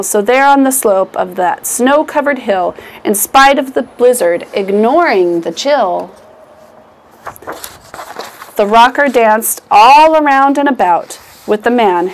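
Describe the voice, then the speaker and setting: Woman, story time reader, rhyming book read aloud, rhythmic delivery, somewhat high voice. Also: expressive, slow, slight background noise. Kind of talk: reading a picture book aloud to children.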